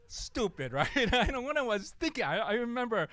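A young man preaching a sermon, telling a story in an animated way and acting out the people in it. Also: very high voice, a little fast, hardly any pauses, no room sound. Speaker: pastor.

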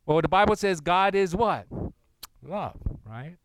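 Earnest pastor, gentle and fairly high-voiced. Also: male voice, animated, no room sound, rough recording. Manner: earnest, gentle and intimate, with loud slow scripture reading led with the congregation. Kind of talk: sermon.

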